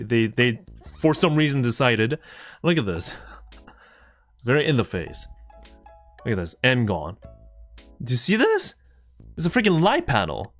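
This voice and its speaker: Streamer: man, mid pitch, excitable and flustered, casual chat over faint music. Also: measured pace, long pauses. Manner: excitable, flustered, talks to chat, lots of restarts.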